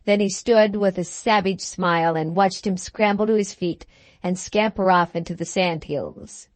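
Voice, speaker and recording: A woman narrating an audiobook in a slow, deliberate reading. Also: mid-range voice, no echo.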